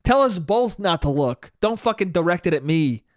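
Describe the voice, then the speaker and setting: Young man chatting solo, slightly high voice. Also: expressive, normal speed, no echo, clean studio sound. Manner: loose, profane and conversational, with frequent restarts. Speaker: podcast host. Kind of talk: casual solo storytelling.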